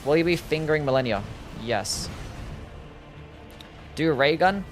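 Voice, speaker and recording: A man with a mild Australian accent streaming a game, chatting casually and reading viewer messages aloud, easygoing and quick to laugh. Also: a little high, lively intonation, soft background music. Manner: laid-back, easygoing, laughs often, loose with fillers. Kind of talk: casual livestream gameplay chat, reading chat aloud.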